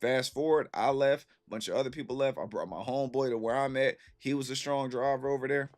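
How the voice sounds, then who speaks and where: Speaking quickly in a medium pitch, a man in his thirties chats informally with his stream's viewers. He tells an energetic, slangy story, going back over the same words for emphasis.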